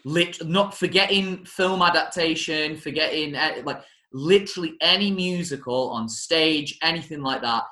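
A man's voice: fairly high pitch, normal speed, hardly any pauses, bright, forceful tone, roomy sound. A man hosting a casual chat about a film musical, talking enthusiastically with frequent restarts and self-corrections. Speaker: podcast host reviewing a film musical.

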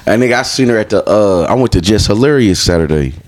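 Low, lively-voiced male podcast co-host. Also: fast talker. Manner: loose storytelling with crude slang. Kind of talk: casual chat.

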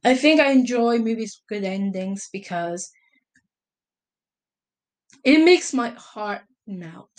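A woman's voice: fairly high pitch, a little mellow. A young woman from Italy answering casual vlog questions, rambling and hesitant, with lots of fillers and self-corrections. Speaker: vlogger.

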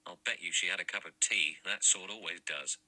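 A man's voice: sits low, fairly quick, pushed and bright, exaggerated voice, poor audio. A man reading an audiobook, voicing a blunt, aggressive man who argues in plain slang.

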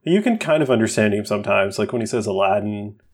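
A young man co-hosting a podcast in casual chat, laid-back and quick to laugh, sometimes losing his train of thought. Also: fairly low pitch, lively intonation, heavy background noise. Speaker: podcast co-host. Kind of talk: casual chat recapping a film.

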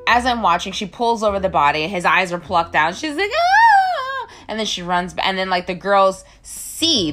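Animated woman ranting about a film. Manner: incredulous, rambling, heavy use of "like"; acts out characters' lines in squealing high voices. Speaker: film reviewer. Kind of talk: casual movie review rant.

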